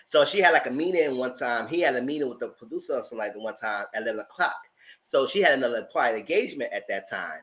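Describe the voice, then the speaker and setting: A man giving a casual live recap of a reality episode. His voice rises and falls a lot as he retells scenes. He laughs easily and talks loosely. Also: quick pace. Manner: animated, laughs a lot, acts out quotes in a high voice. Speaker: show reviewer.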